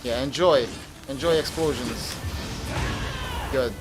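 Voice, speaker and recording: Music sits in the background as a young man takes it slowly in a medium-pitched voice. He's giving live commentary while streaming a game, cursing and grumbling, exasperated by the enemy and his computer.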